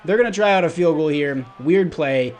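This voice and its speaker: Young male gaming creator, slightly high voice, casual play-by-play, self-blaming, prone to frustrated shouts. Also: animated, moderate pace. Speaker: gaming YouTuber. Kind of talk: casual gameplay commentary.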